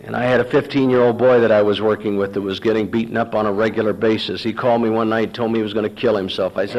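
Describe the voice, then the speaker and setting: A man's voice: lowish voice, steady tone, racing, few pauses, a little mellow, muffled recording. Man telling a recovery story. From Texas. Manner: storytelling, acts out dialogue with sarcasm. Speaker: recovery meeting speaker. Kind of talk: personal testimony talk.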